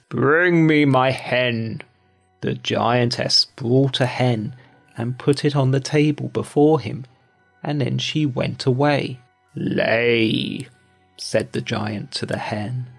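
An older man reading a bedtime fairy tale aloud in a calm, measured way. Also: medium pitch, creaky, slightly rough. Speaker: storyteller.

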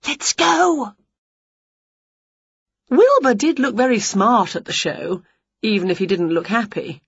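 A woman's voice: medium pitch, slightly rough, no echo. A woman whose first language is Chinese, reading an English picture book aloud to children. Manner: slow, lively storytelling. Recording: dull lo-fi home recording.

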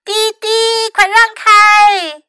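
A woman voicing a spirited young girl in a storybook, bold and lively. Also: sits high, slow, no room sound, full character voice.

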